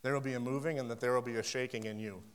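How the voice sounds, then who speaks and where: A male preacher delivering a camp-meeting sermon in a steady mid-range voice. He tells stories with passion and acts out conversations. His delivery swells to sudden emphatic peaks. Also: medium pitch, racing, clear, resonant tone. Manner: storytelling, acting out phone conversations. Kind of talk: sermon with personal story.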